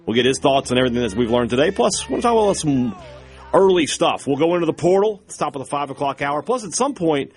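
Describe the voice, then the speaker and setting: A man's voice: fairly high pitch, sing-song, quick pace, breathy edge, faint music behind. A man co-hosting a sports radio show, trading wry, joking banter. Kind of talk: casual sports talk radio. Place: radio studio.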